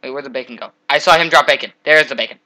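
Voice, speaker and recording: A young man giving casual, jokey commentary while playing a game, trash-talking monsters with sudden loud outbursts. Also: mid-range voice, very fast, rough recording. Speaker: gameplay commentator.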